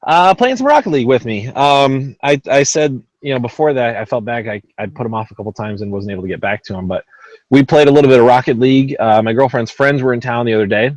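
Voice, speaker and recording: A man's voice: medium pitch, expressive, fast, no room sound, low-quality recording. A man hosting a casual gaming podcast, rambling with lots of ums and uhs and poking fun at himself. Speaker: podcast host.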